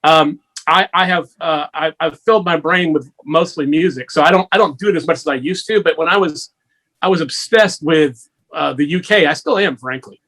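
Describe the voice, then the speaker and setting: Male radio guest, talkative storyteller, a bit high-pitched, laughs a lot. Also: normal speed, fairly bright tone. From Georgia, USA. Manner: chatty, storytelling, laughs often. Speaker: guest musician. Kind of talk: casual chat.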